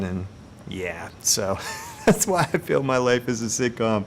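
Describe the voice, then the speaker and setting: A man hosting a live stream, telling everyday stories in a casual, animated, self-mocking way and laughing between lines. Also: on the low side, moderate pace, a little hiss or hum.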